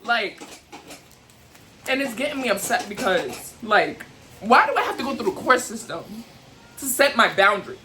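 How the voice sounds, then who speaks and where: A woman's voice: fairly high pitch, sing-song, moderate pace, long pauses, noisy background. A young adult woman venting to camera in an emotional, heated, rambling way, full of "like" and "you know what I'm saying". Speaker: vlogger.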